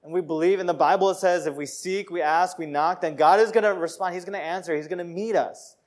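A man's voice: sits high, quick pace. Earnest man preaching a sermon. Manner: earnest, conversational preaching with repeated phrases and restarts.

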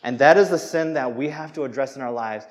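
A man's voice: mid-range voice, quick pace. A young adult man preaching a sermon in a casual, conversational way, with fillers and restarts, acting out quoted voices. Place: Hong Kong.

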